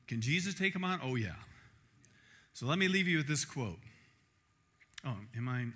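A middle-aged man preaching a sermon, telling a personal story in an animated way and acting out the crowd. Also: medium pitch.

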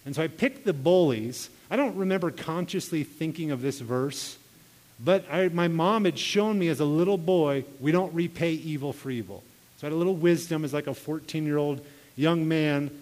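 A man's voice: fairly high pitch, moderate pace, a little mellow. Earnest male pastor in a reverberant hall. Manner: earnest storytelling, acts out quoted voices. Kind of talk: sermon with personal stories.

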